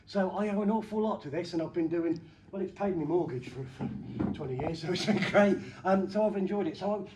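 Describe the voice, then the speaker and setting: Excitable high-voiced comic magician. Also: male voice, a little hiss or hum. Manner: excitable and playful, with sudden loud bursts and jokey asides. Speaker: comedy magician. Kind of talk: stand-up magic act with audience banter.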